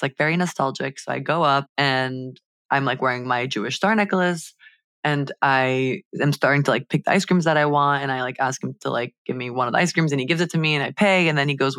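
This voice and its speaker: A young woman from Miami co-hosts a podcast, telling a heated story in casual chat packed with "like" fillers. Her voice is extremely low in pitch yet fairly bright, and the recording is dry.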